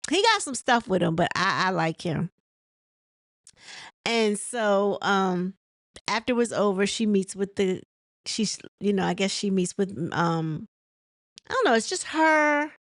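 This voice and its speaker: A woman's voice: medium pitch, lively intonation, measured pace, long pauses, dry recording, studio quality. A woman chatting casually as she recaps a reality show episode, rambling with many ums and laughing as she mimics the cast. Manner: many fillers and restarts.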